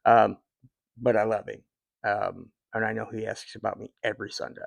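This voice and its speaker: A man's voice: on the low side, level tone, normal speed, vocal fry, no echo. A man in his fifties talking to his viewers in a rambling, heartfelt way, with many fillers and restarts. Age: 50s. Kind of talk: casual personal talk to viewers.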